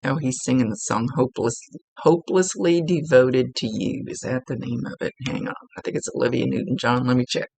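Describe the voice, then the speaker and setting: Woman doing a psychic reading, gravelly fry in her voice, rambly and chatty, dry close sound. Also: extremely low pitch, fairly quick, a little mellow, no echo. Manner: rambling, chatty, restarts sentences often. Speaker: psychic medium. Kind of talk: casual one-on-one reading monologue.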